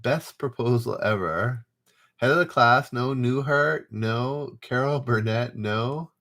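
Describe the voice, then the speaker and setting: A man's voice: mid-range voice, slow pace, a bit bright. A man hosting a live online trivia game, reading questions aloud and chatting casually while players answer. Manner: reads questions aloud, then chats loosely while waiting for answers. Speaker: trivia host.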